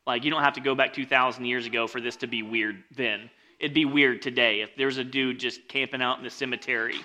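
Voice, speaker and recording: A bright-toned man preaches casually, reading and explaining scripture at a fairly quick pace with fairly even intonation. He talks conversationally with frequent "like" and "right?" and goes from loud, emphatic reading to hushed asides.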